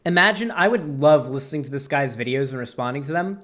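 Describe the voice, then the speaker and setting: A man's voice: medium pitch, lively intonation, fast talker, background noise. A young man hosting a reaction video, rambling in casual, profane commentary full of "like" and swearing. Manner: rambling, lots of "like", swears freely. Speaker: host.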